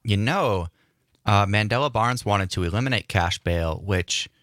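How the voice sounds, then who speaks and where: A man with a very low, deep voice joins the talk on a radio show, sounding dry and close to the mic. He makes his point in a few measured remarks. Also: a bit bright, no echo.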